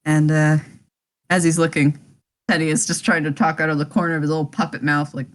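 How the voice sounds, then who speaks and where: A woman's voice: low voice, flat delivery, fairly quick. A woman narrating as game master of a tabletop game, chatty and laughing often.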